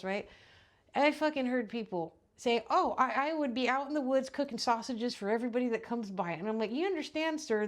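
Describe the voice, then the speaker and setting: A woman hosting a podcast, giving a blunt, profane ranting monologue full of rhetorical questions. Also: a little high. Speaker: podcast host.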